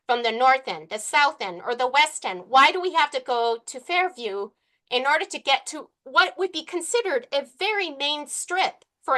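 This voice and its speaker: A woman's voice: high voice, sharp tone. A woman speaking earnestly as a committee member at a public meeting, rambling with fillers and restarts.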